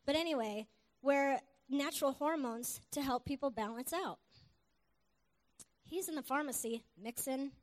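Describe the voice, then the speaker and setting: A woman preaching with a high, bright-pitched voice. She tells stories with animation and rallies her congregation with calls of hallelujah. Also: unhurried. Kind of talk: sermon with storytelling.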